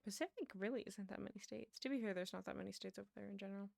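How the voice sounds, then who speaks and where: A young woman streamer rambles casually to her viewers while playing a building game, talking to chat as she goes. She speaks very fast in a medium-pitched, slightly mellow voice with vocal fry, and there's no echo.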